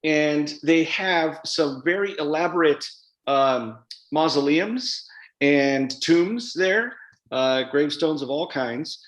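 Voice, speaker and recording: A man's voice: fairly high pitch, expressive, slow pace, a bit bright. A man, an author guest at a live event interview, talking in a chatty, rambling way with many fillers and restarts. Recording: roomy hall sound.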